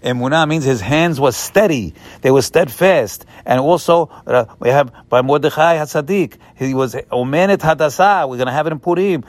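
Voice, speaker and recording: A man's voice: on the high side, moderate pace, few pauses, no echo. Emphatic man giving a Torah lecture. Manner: repetitive, emphatic, folksy, with Hebrew terms. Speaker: rabbi teaching a Torah class. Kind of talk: sermon-style Torah lecture.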